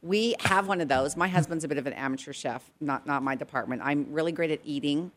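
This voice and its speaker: A middle-aged woman from Canada, chatting as a guest with upbeat, persuasive energy. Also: fast. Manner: upbeat, sales-pitch energy. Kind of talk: casual chat.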